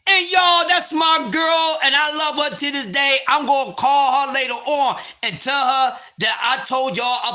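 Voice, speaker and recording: A man hosting a livestream, telling a story in a loud, profane, laughing, casual way. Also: extremely high pitch. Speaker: livestream host.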